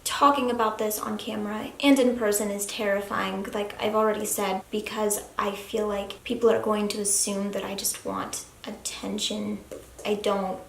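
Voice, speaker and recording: A young woman vlogger talking earnestly to camera in a room of a family house, soft-spoken and sometimes dropping to a hushed whisper. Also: mid-range voice, little pitch movement, normal speed, gravelly. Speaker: YouTube vlogger. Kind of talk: confessional talk to camera. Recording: echoey room, faint background noise.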